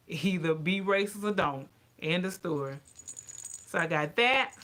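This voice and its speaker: A woman vlogger chatting casually to her viewers, animated and given to ranting. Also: lowish voice. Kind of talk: casual chat to camera.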